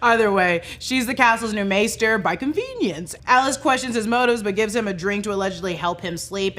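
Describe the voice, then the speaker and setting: Animated, bright-voiced woman co-host. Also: mid-range voice. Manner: quick, laughing, playful. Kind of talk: casual review chat and scripted recap.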